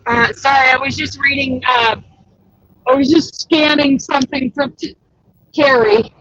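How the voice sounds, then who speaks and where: A woman hosting a casual livestream chat as a crochet pattern designer, chatty and excitable. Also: high voice, unhurried, highs cut off. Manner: chatty and excitable, exclaims often.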